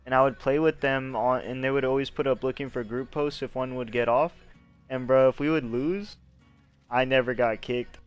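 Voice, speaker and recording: A man in casual gaming talk, laid-back but loud and animated when he tells stories of matches. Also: medium pitch, moderate pace, clear, resonant tone, lo-fi sound, faint music behind.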